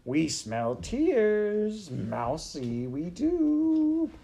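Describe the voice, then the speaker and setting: A man voicing a hungry pack of rats who taunt a mouse in high, sing-song voices. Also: wildly swooping pitch, drawn-out words, vocal fry, dark tone, full character voice.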